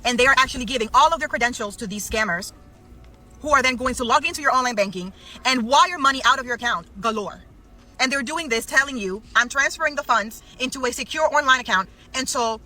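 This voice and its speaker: Woman, bright tense voice, quick pace, bank worker vlog, exasperated. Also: on the high side. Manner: urgent, exasperated explaining. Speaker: bank employee. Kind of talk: warning vlog.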